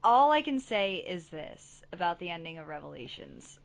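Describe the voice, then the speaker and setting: A young woman co-hosting a casual gaming podcast, enthusiastic and excitable as she talks. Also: on the low side, normal speed, creaky. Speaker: podcast co-host.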